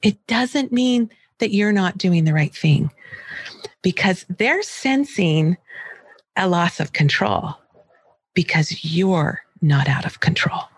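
A middle-aged woman gives a parenting lesson in a calm, gentle voice. She acts out example dialogue as she teaches. The recording is close and dry, with no room sound. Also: fairly low pitch, slow pace, slightly rough, no room sound. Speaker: parenting coach.

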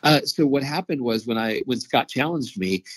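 A middle-aged man, a psychologist and veteran, telling a personal story as an interview guest, animated and often repeating his words. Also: mid-range voice, moderate pace, husky, poor audio. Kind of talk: conversational storytelling.

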